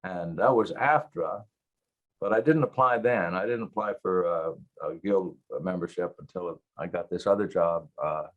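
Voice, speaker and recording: A man's voice: low-pitched, normal speed, phone-quality sound. A man in his eighties, a guest actor, telling rambling wry anecdotes in a casual interview. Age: 80s. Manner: many fillers and restarts.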